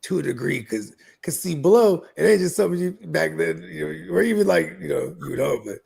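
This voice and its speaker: A man co-hosting a podcast in casual chat, animated, swearing and acting out movie scenes. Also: fairly high pitch, brisk, vocal fry, slightly rough. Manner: animated, acts out movie lines, swears a lot. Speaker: podcast co-host.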